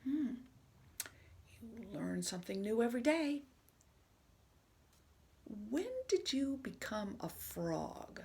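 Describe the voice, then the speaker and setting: A woman voicing an anxious, earnest elephant who exclaims loudly when worried, reading from a picture book. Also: fairly high pitch, animated, slow pace, gravelly, pauses often, slight background noise, exaggerated voice. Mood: astonished.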